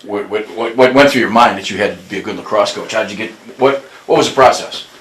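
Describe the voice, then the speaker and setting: A man interviewing a retired coach, asking brief questions and quick follow-ups. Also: lowish voice, fairly bright tone, echoey room, a little hiss or hum, low-quality recording.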